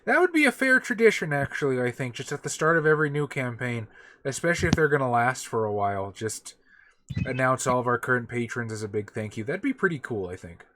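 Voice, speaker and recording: A man running a tabletop game as game master, talking in a relaxed, loose and sometimes profane way. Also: mid-range voice, quick pace, no room sound. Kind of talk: casual chat running a tabletop session.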